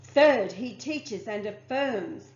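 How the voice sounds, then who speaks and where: A woman's voice: fairly high pitch, expressive, slow pace. A woman reading aloud from a religious text and stopping to comment on it, formal as she reads and chatty in her asides. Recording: muffled, echoey room.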